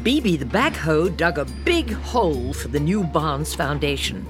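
A woman reads a children's picture book in a slow, lilting storytelling voice. She speaks low and moves through a wide pitch range, voicing playful sound effects. Faint music plays underneath. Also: expressive. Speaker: podcast host reading a picture book. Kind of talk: children's storybook read-aloud.

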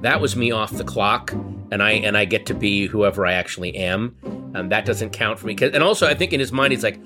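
A man telling a comic story in an animated, wry way, building tension. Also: fairly low pitch, fairly quick. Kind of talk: comedic storytelling. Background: guitar music.

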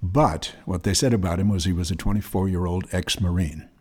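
An older man being interviewed on a podcast, speaking in a thoughtful, halting, deliberate way. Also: sits low, darkish tone, slightly rough. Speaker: podcast guest. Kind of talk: interview conversation.

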